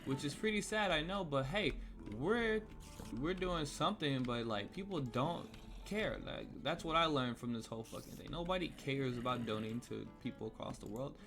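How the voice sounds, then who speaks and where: A man's voice: on the high side, expressive, moderate pace, fairly bright tone. A young man vlogging, telling a heated, rambling story full of swearing while he plays a game. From United States. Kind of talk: casual storytime rant while gaming. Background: faint cello music.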